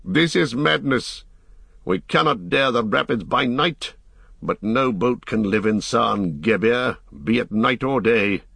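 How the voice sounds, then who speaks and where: A man reading the part of a warrior who shouts urgent warnings from a boat in a storybook. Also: fairly low pitch, measured pace, vocal fry, few pauses, husky, dry recording, heavily acted. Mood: alarmed. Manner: shouting alarm.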